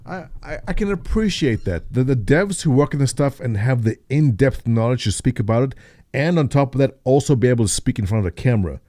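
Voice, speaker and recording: A man's voice: medium pitch, lively intonation, a little fast, mellow. A man hosting a livestream, chatting casually and laughing as he reacts to a video. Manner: chatty, laughs often, thinks aloud.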